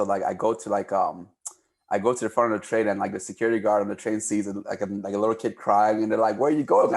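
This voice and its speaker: A man from Cameroon, a podcast guest telling casual stories in an animated way, often repeating words. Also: fairly low pitch. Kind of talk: casual storytelling.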